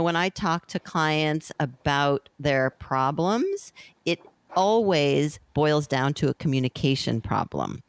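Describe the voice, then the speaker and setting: A woman's voice: low voice, smooth, dry recording. A woman hosting a podcast, chatting loosely with a guest and rephrasing as she goes. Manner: chatty, free-associating, loose phrasing with restarts. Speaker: podcast host. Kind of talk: casual podcast interview. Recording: dry close sound.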